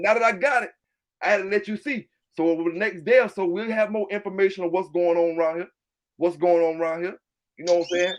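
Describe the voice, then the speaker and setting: A man with a Southern US accent who hosts his own channel about his dog kennel, ranting loudly and with plenty of swearing to his livestream chat. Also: high-pitched. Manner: loud, fired-up, profane, keeps repeating filler tags. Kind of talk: livestream rant answering chat.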